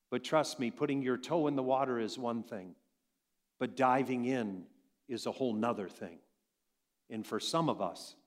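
A man preaching a sermon, swinging between loud emphatic passages and quiet hushed lines. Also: mid-range voice. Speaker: pastor.

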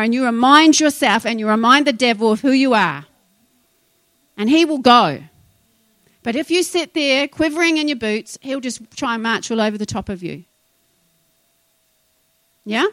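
Middle-aged woman preacher, high voice, dry close sound, feisty emphatic delivery with loud declarations and quiet asides. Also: animated, moderate pace, no echo. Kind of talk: sermon.

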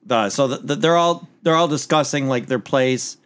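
A man's voice: medium pitch, normal speed, a bit bright, clear, resonant tone. A man chatting casually as a podcast host, rambling through a TV episode recap with lots of restarts and the odd swear word.

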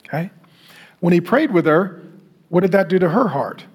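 Middle-aged male pastor, high voice, animated storyteller who acts out quotes for a men's group. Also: moderate pace, husky. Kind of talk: sermon.

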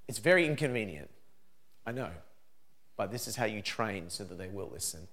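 A man's voice: fairly low pitch, normal speed, slight background noise. A man giving a parenting seminar to a live audience, acting out what parents and children say. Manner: animated, acts out parent and child lines. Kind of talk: seminar talk with acted examples.

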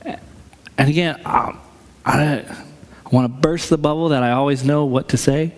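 A man's voice: on the high side, steady tone, normal speed, long reverb tail. A man preaching a sermon as pastor in a church sanctuary, conversational and acting out the voices he quotes.

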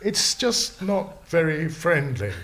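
A man who is a slang lexicographer, talking in a casual podcast discussion, animated and digressive, with frequent restarts. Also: a little high, slow.

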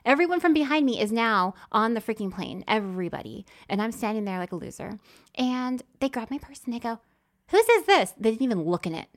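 A woman telling a story in casual chat, swinging from whispers to loud exclamations as she acts it out. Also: on the high side, animated, quick pace.

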